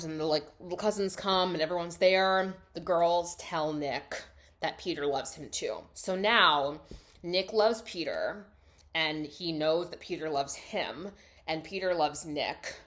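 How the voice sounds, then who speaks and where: A young woman with a fairly low voice talks through a movie plot in a loose, chatty way, peppering everything with "like". She jumps from loud, gushing excitement to quiet, half-whispered asides. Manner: chatty, lots of "like", swings between loud gushing and hushed asides. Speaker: film recap vlogger. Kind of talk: casual spoken film recap.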